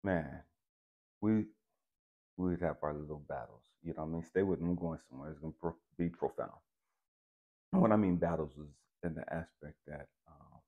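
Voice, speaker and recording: A man telling a personal story to the camera in an animated, profane, emphatic way. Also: rumbling low, phone-quality sound. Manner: animated, profane, keeps saying "stay with me, I'm going somewhere". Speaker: channel host.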